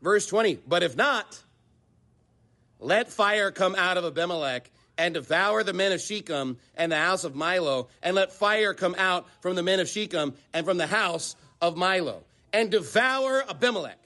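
A man delivers a sermon in a notably high voice. He preaches emphatically, stacking repeated phrases and leaning on rhetorical questions. Sarcastic asides sharpen his points. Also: expressive, moderate pace, pushed and bright. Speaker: pastor.

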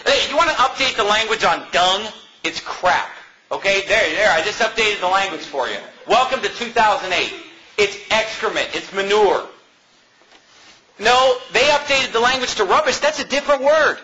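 An American pastor preaching a sermon in an animated, mocking way, laughing often. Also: male voice, high-pitched, moderate pace, a little hiss or hum, poor audio.

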